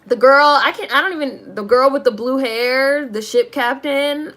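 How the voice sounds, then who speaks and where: Woman, higher voice, profane, exasperated, laughing rant, filler-heavy casual talk. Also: expressive, normal speed, few pauses, fairly bright tone. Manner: heavy use of "like". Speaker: streamer reviewing a movie. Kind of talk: casual rant to a live chat.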